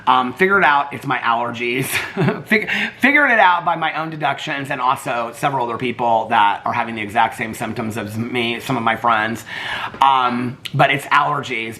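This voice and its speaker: A man's voice: mid-range voice, bright, forceful tone. An older man vlogging in casual chat, rambling and laughing, a little congested from allergies. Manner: chatty, rambling, often breaks into singing and laughter.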